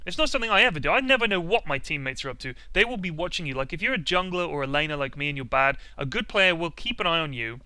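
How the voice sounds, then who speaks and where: A man's voice: fairly high pitch, lively intonation, fast talker, few pauses, pushed and bright, smooth, dry recording. A young man hosting a comedic gaming rant, sarcastic and self-mocking. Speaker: video host.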